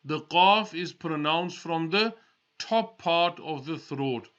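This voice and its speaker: Slow patient male Quran teacher, muffled. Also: a little high, animated, a bit bright, clear, resonant tone. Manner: patient, models each letter sound and repeats it. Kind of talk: slow recitation lesson.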